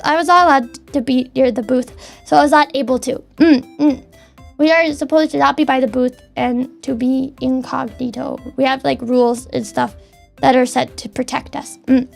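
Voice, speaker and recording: A woman's voice: high voice, gravelly. A young woman streamer chatting casually from her desk at home, stammering and repeating words as she talks heartfelt. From Canada. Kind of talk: casual chat.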